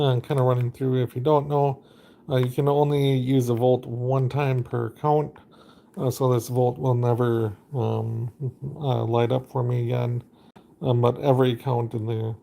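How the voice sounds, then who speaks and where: A man's voice: medium pitch, vocal fry, mellow, a little hiss or hum. A man casually narrating his game during a live stream, rambling and chatty with lots of fillers.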